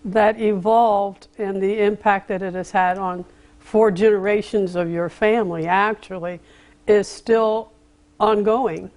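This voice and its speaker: A woman with a medium-pitched voice hosts a formal television interview. She speaks deliberately and guides her guest gently through hard questions. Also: fairly even intonation. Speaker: interview host, community affairs director.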